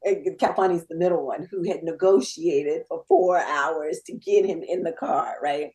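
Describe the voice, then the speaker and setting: Animated woman in her fifties, storytelling. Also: sits low, moderate pace, poor audio. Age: 50s. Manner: animated, laughing storyteller acting out dialogue. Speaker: podcast guest. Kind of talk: casual storytelling.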